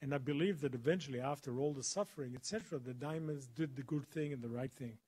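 A man's voice: medium pitch, fast, darkish tone, husky. A man giving a storytelling talk to an audience, dramatically acting out the dialogue. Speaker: guest speaker. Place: college lecture hall.

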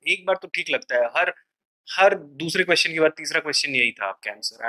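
A man's voice: on the high side, animated, racing, bright, forceful tone, poor audio. A man with an Indian accent giving direct feedback as an interview panelist, switching between Hindi and English.

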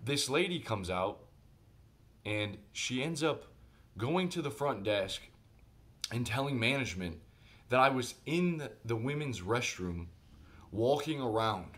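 A man telling a personal story in a casual vlog monologue, animated and conversational, speaking directly to his viewers. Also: mid-range voice, unhurried, pauses often. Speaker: vlogger.

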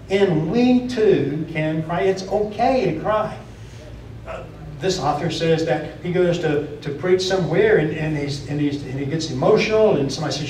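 A man's voice: a little high, lively intonation, normal speed, darkish tone, a little hiss or hum. A man preaching a sermon in a church, plainspoken, often repeating and restarting phrases. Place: church auditorium. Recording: echoey room from far off.

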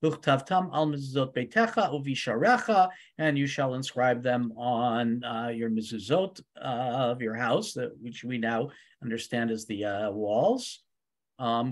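A man teaches a weekly Torah study class in a voice of ordinary pitch. He reads Hebrew verses aloud, translates them line by line, and fills the gaps with frequent ums and uhs.

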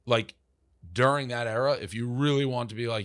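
A man's voice: lowish voice, steady tone, a little fast, no room sound, clean studio sound. A man talking as a podcast guest about founding his company, rambling and profane, with lots of "like" fillers. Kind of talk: casual interview storytelling.

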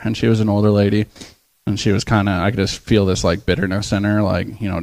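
Animated young man preaching a story. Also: lowish voice, quick pace, vocal fry, no room sound. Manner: animated, acts out voices in his story, laughs often. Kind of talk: storytelling sermon. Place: church.

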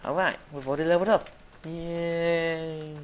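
Gamer muttering and yelling. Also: mid-range voice, moderate pace, a little hiss or hum. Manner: mutters to self, then yells and shrieks at enemies. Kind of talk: gameplay commentary.

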